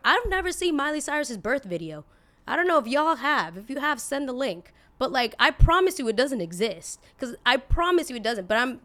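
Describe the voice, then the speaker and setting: A woman's voice: medium pitch, fairly bright tone. Blunt young woman podcast host. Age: 20s. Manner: blunt and indignant, with frequent filler "like" and casual swearing. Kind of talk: casual opinion podcast monologue.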